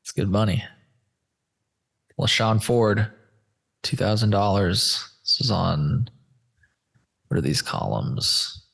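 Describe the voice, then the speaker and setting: Man, podcast host, casual rambling chat, gravelly, lowish voice. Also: expressive, takes it slowly, long pauses, fairly bright tone. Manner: loose, rambling, profane, talks to listeners as folks. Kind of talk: casual chat while screen sharing.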